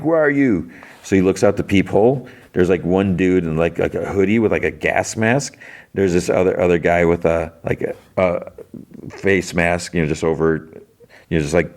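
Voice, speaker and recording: A man's voice: sits low, darkish tone. A man hosting a podcast, casually retelling a TV episode in a rambling way full of fillers. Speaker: podcast host.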